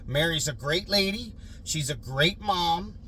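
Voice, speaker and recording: A man's voice: fairly high pitch, lively intonation, measured pace, sharp tone. Middle-aged man, farm vlog, outdoors on a phone mic, earnest and rambling, faint background hiss. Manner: earnest, defensive, rambling with fillers. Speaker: farm vlogger. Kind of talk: casual vlog talk to viewers.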